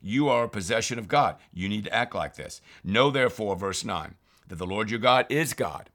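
Animated and a little bright, the man's voice sits on the low side and moves at normal speed. He reads verses and then explains them in a devotional Bible teaching, with "remember" coming up often.

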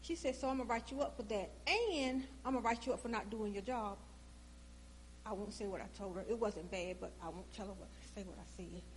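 A woman telling a personal story in casual conversation, animated and acting out both sides of the exchanges, with informal speech. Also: mid-range voice, brisk, slight background noise.

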